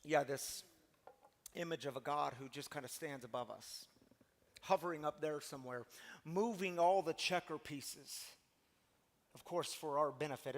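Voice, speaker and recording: High-voiced preacher in a reverberant hall. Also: male voice. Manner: emphatic, rhetorical questions, conversational. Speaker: pastor. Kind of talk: sermon.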